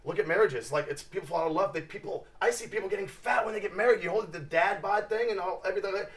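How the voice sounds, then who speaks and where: Fast-talking motivational fitness coach man. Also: high-pitched, far from the mic. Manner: fast, punchy motivational talk. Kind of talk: casual talk show chat.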